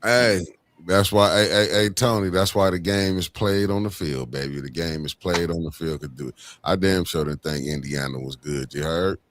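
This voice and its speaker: A deep-voiced man hosts a casual livestream chat. He talks in loose slang and greets his viewers one by one by name. His tone stays low and easygoing. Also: normal speed, fairly bright tone, slight background noise. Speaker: livestream host.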